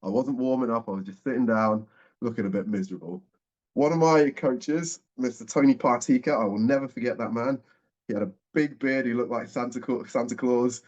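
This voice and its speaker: A young man recounts a personal story at a mid pitch, full of animated storytelling. He acts out both sides of a dialogue himself. The recording sounds a little dull and lo-fi. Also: brisk. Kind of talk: personal anecdote.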